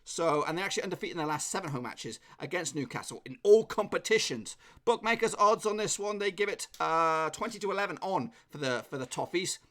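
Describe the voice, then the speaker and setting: A chatty man with an English accent hosts a live stream, rattling through viewers' score predictions. His voice sits a little high and is slightly hoarse. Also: animated, fairly quick, a bit bright. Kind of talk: casual live-stream chat.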